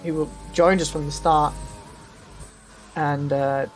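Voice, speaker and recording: A man's voice: a little high, flat delivery, slow pace, soft background music. A man hosting a casual podcast, joking and laughing often while he drives a practice lap, his throat a little dry. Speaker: podcast host. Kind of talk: casual banter while sim racing.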